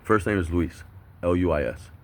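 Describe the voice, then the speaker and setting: A man's voice: expressive, normal speed. A man giving his personal details and account to a police officer outdoors, with faint street noise behind. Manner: agitated, rambling, grows loud and high-pitched when retelling.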